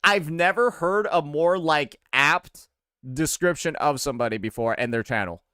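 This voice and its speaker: Casual male streamer from the South, chatty and repetitive, bright lively voice, dry mic. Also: fairly high pitch, moderate pace, clean tone, no room sound. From American South. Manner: loose and chatty, repeats himself. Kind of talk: casual live-stream chat.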